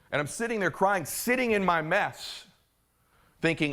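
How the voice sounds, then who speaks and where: Animated man telling a motivational story. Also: sits high, moderate pace. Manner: animated, acts out other people's voices in his story. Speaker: motivational speaker.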